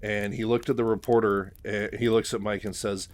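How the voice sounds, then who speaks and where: Male recap narrator, low-ish voice, casual and rambling, filler-heavy. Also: flat delivery, moderate pace, hardly any pauses. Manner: rambling, many fillers, chuckles. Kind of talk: casual retelling of a novel.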